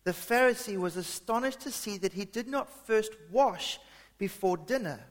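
A man's voice: high voice, expressive, moderate pace. A man preaching a sermon as pastor, talking conversationally with many fillers and restarts. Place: church hall. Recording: long reverb of a large hall.

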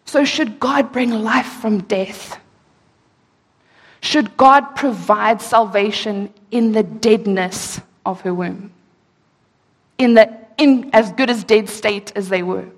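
A woman preaching a sermon, reading scripture slowly and emphatically and asking rhetorical questions. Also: medium pitch, slightly rough. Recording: echoey hall.

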